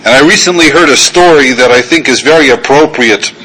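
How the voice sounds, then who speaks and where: A man's voice: medium pitch, fairly quick, pushed and bright, slightly rough, low-quality recording. An older man, a rabbi, giving a talk and telling a story in a self-deprecating, storytelling manner, acting out the characters. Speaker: rabbi and guest lecturer. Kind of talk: sermon-style talk with anecdote.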